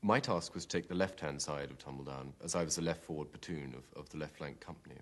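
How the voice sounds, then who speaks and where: A man, a former platoon commander, giving a steady, matter-of-fact account of a fight in a documentary interview. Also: extremely low pitch, quick pace. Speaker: army platoon commander recalling a battle.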